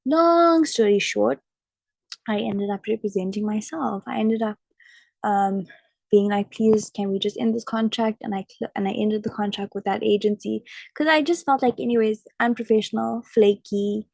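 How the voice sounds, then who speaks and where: A woman's voice: mid-range voice, normal speed, vocal fry, a little mellow, dry recording. A young adult woman vlogger and model, telling stories in a casual chat full of "like" fillers. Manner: chatty, frequent "like" fillers.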